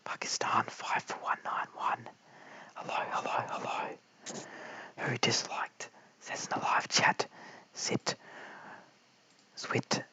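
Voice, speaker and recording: An Australian man giving whispered cricket commentary late at night at home, mic held very close, hushed and apologetic as he chats with viewers. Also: takes it slowly, pauses often, rough recording. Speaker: live stream cricket commentator. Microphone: held very close to the mouth.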